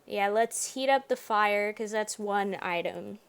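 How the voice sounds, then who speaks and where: A woman hosting a gaming video, chatting through her playthrough, laughing often and bursting into loud exclamations. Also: medium pitch, unhurried, clear, resonant tone. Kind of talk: let's play commentary.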